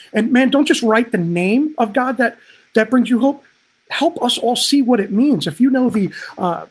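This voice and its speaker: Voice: mid-range voice, husky. A pastor preaching a livestreamed sermon, impassioned and direct, building to emphatic peaks and calling listeners to respond in the chat. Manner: frequent "man" interjections, direct address.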